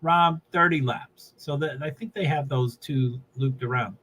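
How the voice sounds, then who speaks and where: A man's voice: mid-range voice, a little slow, sharp tone, slightly rough, poor audio. A man from New England chatting casually on a livestream, rambling and laughing as he follows a race. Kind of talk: casual live commentary while watching a race.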